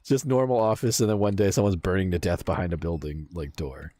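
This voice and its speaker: A man's voice: low-pitched, fairly even intonation, brisk, dark tone, no echo. A man streaming a game and casually chatting with his viewers, swearing freely and laughing often. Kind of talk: casual game livestream chat, reading chat aloud.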